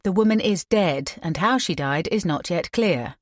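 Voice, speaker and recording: A composed female detective, firm and measured, never raising her voice, as a woman narrator voices her. The low-pitched voice sits close and dry against the mic. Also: lively intonation, dry recording.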